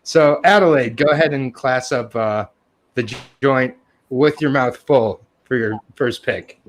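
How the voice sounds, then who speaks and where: A man in his thirties leads a loose film chat with a group of friends. He rambles with plenty of fillers and restarts, cracks jokes and swears freely, in a voice of middling pitch. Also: a little slow. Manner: joking, profane, rambling with fillers. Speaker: podcast host. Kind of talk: casual chat.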